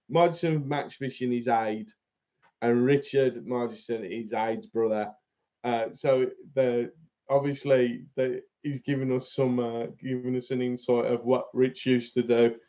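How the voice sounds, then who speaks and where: Bloke chatting away on a fishing stream, laughs a lot, mid voice, bit muffled. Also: male voice, mid-range voice, fairly even intonation, takes it slowly, warm tone. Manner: chatty, laughs often, reads out viewer comments. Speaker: fishing channel host. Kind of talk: casual live-stream chat.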